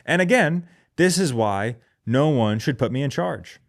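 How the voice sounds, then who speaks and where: A man's voice: mid-range voice, expressive, measured pace, creaky. A man hosting a podcast in a casual comedic monologue, profane, sarcastic and self-deprecating. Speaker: podcast host.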